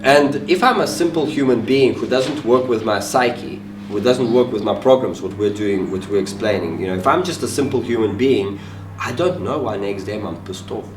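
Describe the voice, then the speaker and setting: A man's voice: fairly low pitch, expressive, normal speed, noisy background. A man interpreting a seminar talk into English, hesitant, with repeated words and fillers. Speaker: interpreter and co-presenter. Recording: echoey room, mic far off.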